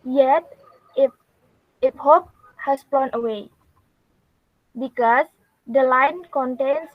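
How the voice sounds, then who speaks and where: A young woman with a high voice gives a class presentation, explaining at a slow, halting pace with pauses. The recording sounds dull and lo-fi. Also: no echo. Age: young adult. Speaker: university student presenter.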